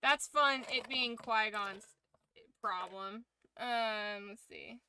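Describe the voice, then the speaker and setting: Brief: tired woman streamer chatting casually, swears easily, fairly high voice, dry close sound. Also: slow pace, pushed and bright, smooth, no room sound. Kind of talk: casual livestream chat.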